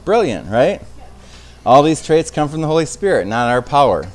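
A man's voice: fairly high pitch, big pitch swings, normal speed. A man teaching an informal Bible study in a conversational way, often restarting phrases and checking in with his listeners. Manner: conversational, with frequent restarts and tag questions.

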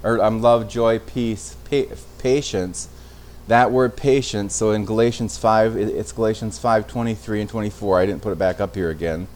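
Leading a casual Bible study, this man speaks at normal speed with few pauses in a lowish, steady, slightly mellow voice. His style is conversational: he frequently restarts phrases and uses tag questions to check in with his listeners.

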